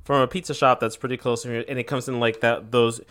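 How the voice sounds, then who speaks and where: A man's voice: medium pitch, fairly even intonation, fast, fairly bright tone. A man co-hosting a casual sports podcast in an easygoing, joking way. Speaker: podcast co-host.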